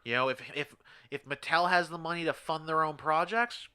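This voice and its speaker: A man hosts a relaxed podcast conversation, talking quickly and with lots of energy. His voice is bright, crisp and a little high, and the recording sounds clean. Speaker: podcast host. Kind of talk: casual chat.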